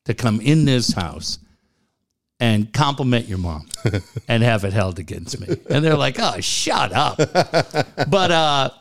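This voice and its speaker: A man's voice: mid-range voice, sing-song, takes it slowly, pauses often. A man in his forties telling a long family story in casual chat, laughing often and repeating "I go".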